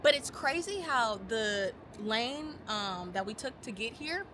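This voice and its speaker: A woman's voice: a little high, lively intonation, measured pace, a bit bright, a little hiss or hum. A woman vlogging a stadium tour, chatting casually, laughing and doing playful trash talk. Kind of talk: casual playful vlog chat. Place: in a large open stadium. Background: music playing.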